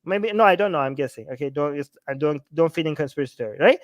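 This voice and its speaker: Host: high-pitched man, dry close sound, heated ranting livestream reaction. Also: fast talker, no room sound, lo-fi sound. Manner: heated, ranting with rhetorical questions. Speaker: channel host.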